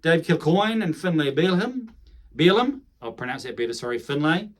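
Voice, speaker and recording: A rugby commentator with a New Zealand accent gives a casual, rambling match preview, correcting himself and tossing in chatty asides. His voice is on the high side, animated and brisk.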